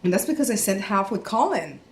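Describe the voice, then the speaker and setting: A woman's voice: mid-range voice, sing-song, fairly quick. A middle-aged woman from Belize, chatting casually at home for a family vlog and laughing often as she talks. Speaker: family vlogger.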